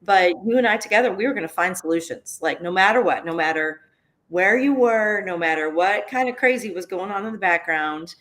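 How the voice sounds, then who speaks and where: An earnest woman with a fairly low voice, recalling her years as a student's mentor. She talks emphatically and keeps checking in with "right?" while she chokes back tears. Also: lively intonation, brisk, fairly bright tone. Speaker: former school advocate and mentor. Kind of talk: heartfelt conversational reminiscence.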